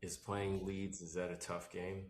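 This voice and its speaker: A man hosting a football podcast, talking in animated, slangy casual banter. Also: deep voice, measured pace, reverberant. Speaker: podcast host. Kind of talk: casual sports chat.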